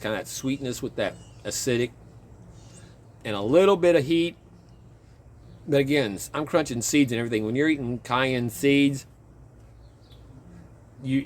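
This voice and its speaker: This vlogger talks easily among his plants outdoors, wandering off topic, laughing softly, and interrupting his own thoughts. He's a home gardener with a mid-range voice, and a little background noise comes through.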